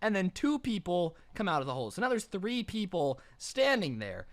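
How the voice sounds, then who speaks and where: A man tells a story in a casual, joking way, tossing in exaggerated asides. His voice is high and very lively, swooping up and down. The sound is dry and close, with no room echo. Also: normal speed. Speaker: storytime narrator.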